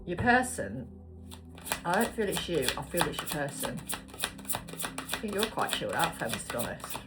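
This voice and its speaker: A woman's voice: low voice, sing-song, normal speed, heavy background noise. A British woman in her forties doing a casual tarot reading, chatty and given to swearing and tangents. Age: 40s. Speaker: tarot card reader.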